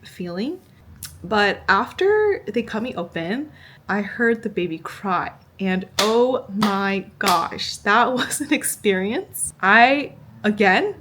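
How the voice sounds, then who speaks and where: Young woman vlogging, chatty, lots of "like", faint hum behind her. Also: medium pitch. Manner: chatty, heavy use of "like" fillers, acts out quotes. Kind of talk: casual personal storytelling.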